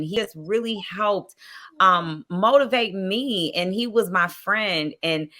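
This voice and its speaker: A woman's voice: medium pitch, slow pace. A woman guest on a casual podcast, telling stories and acting out past conversations. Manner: lively storytelling that acts out past conversations. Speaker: podcast guest, reality show contestant. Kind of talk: casual chat.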